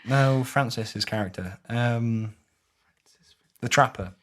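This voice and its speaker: A man's voice: mid-range voice, slow. A man, telling rambling, sweary stories as a podcast co-host. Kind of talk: casual podcast chat.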